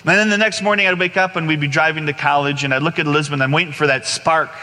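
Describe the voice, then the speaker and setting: A man in his forties shares a personal testimony with a congregation, his raised voice bright and ringing. He tells it in a lively, storytelling way. The sound echoes through a long, reverberant church hall. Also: on the high side, rapid-fire. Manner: animated storyteller, acts out scenes. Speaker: speaker giving testimony.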